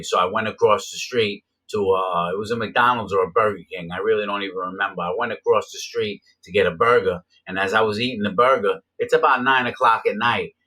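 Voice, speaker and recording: A man casually recounting his own past, rambling with lots of fillers and repeating himself. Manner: acts out quoted voices with sharp pitch jumps. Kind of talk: casual first-person storytelling.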